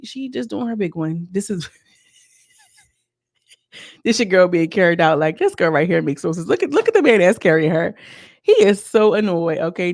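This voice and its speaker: Chatty woman with a gravelly voice. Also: fairly low pitch, no echo, studio quality. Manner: chatty, emphatic, slangy asides to viewers. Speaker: reality TV reviewer. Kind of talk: casual recap commentary.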